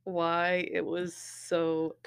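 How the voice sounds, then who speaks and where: A woman's voice: fairly low pitch, completely flat delivery, extremely slow, gravelly, clean tone. A woman co-hosting a podcast, chatting casually through a movie-trivia game and laughing often. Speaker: podcast co-host.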